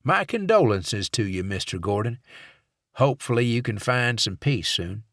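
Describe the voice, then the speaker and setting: A man voices a folksy sheriff's investigator who chats easily while probing with questions, his manner easygoing. The mid-range voice is expressive, fairly bright, at normal speed, and pitched above the performer's own, in a dry, studio-quality recording.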